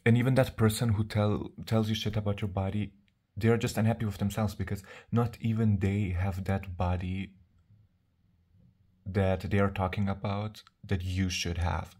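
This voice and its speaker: A man's voice: fairly low pitch, level tone, normal speed, darkish tone. A man vlogging to the camera in a rambling, chatty way, full of fillers and self-assured sass. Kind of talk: casual vlog monologue.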